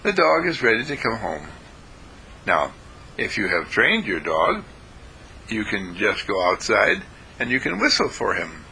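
A man giving a short daily inspirational talk as a university dean, telling a story, often chuckling and clearing his throat. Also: lowish voice, wildly swooping pitch, unhurried, long pauses, pushed and bright, a little hiss or hum, low-quality recording.

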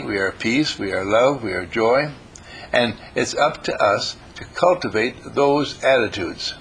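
A man's voice: mid-range voice, a bit bright, husky, poor audio. An older man giving a folksy, informal motivational talk to a group, homespun in manner and slipping into playful quoted voices. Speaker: group teacher.

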